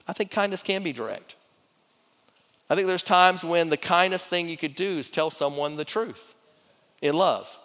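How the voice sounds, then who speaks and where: A man's voice: on the high side, a bit bright. A middle-aged man preaching a sermon to his church in a conversational way, repeating words and restarting phrases as he goes. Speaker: pastor. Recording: long hall reverb.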